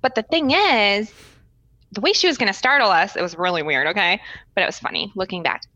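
A woman's voice: mid-range voice, animated, brisk, bright, forceful tone, dry recording, highs cut off. A woman co-hosting a podcast, recalling a childhood memory in casual chat. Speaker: podcast co-host.

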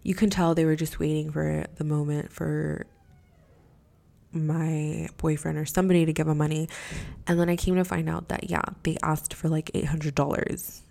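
Gravelly, low-pitched woman telling a story. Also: flat delivery, moderate pace, dark tone. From Mexico. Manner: profane, exasperated, rambling with many fillers. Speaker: podcast host. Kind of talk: casual storytelling.

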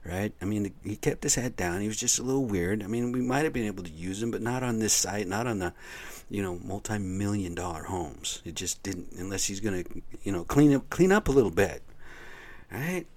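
A man's voice: on the low side, a little fast, no room sound. A man talking to listeners in a rambling, profane, agitated monologue. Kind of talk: ranting casual monologue.

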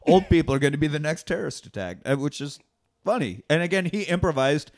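A man hosting a casual podcast, retelling film scenes with animated quoting and frequent swearing. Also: a little high, fast, a crowd in the background. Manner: animated storyteller, acts out quotes, swears freely. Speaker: podcast host.

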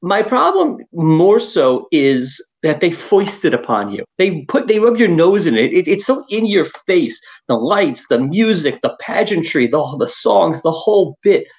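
A man with a slightly high voice rants wryly on a casual podcast. His pitch rises and falls a lot, and his delivery is dry and sardonic. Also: very animated, measured pace, few pauses, a little mellow. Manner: sardonic, wry ranting. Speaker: podcast co-host. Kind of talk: casual comedic chat.

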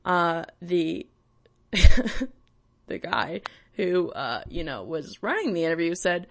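A woman's voice: fairly low pitch, lively intonation, unhurried, creaky, long pauses. A woman hosting a vlog, ranting casually in a rambling, profane, self-mocking way with many fillers. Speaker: vlog host.

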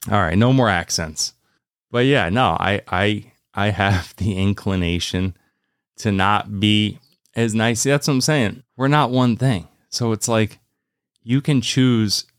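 A man's voice: lowish voice, slow pace, smooth, no room sound, studio quality. A man hosting a podcast, talking in a rambling, profane, casual monologue full of "you know" and "like", laughing easily at his own jokes. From United States. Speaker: podcast host.

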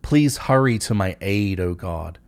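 A man giving a measured, steady scripture reading. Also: deep voice, dry recording. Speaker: Bible reader.

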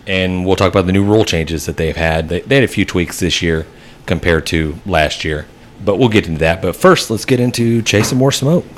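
A man hosting a podcast, introducing the next topic in a relaxed, casual way. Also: sits low, a little fast, slight background noise. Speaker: podcast host.

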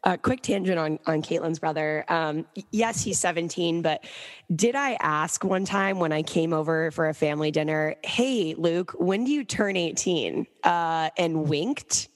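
A young woman co-hosting a podcast, telling stories in a giggly, animated casual chat. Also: sits low, normal speed, long reverb tail. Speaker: podcast co-host.

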